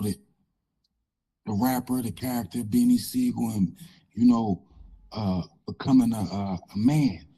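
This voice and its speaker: A man with a raspy, altered voice, mid-range in pitch and dark in tone, tells a personal story as an interview guest. He speaks haltingly, with many pauses and fillers.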